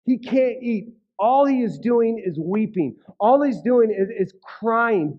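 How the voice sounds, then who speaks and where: A man with a notably high voice gives a casual, conversational sermon as a pastor. He keeps checking in with his listeners and repeats words as he gets going. The recording is slightly dull and lo-fi. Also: animated, slow, few pauses. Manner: conversational, frequent "right?" and "okay?" asides; repeats words when starting phrases.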